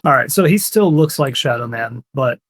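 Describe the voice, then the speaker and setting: A man's voice: medium pitch, animated, normal speed, a bit bright, a little hiss or hum. A young man running a tabletop game as game master, narrating casually with fillers.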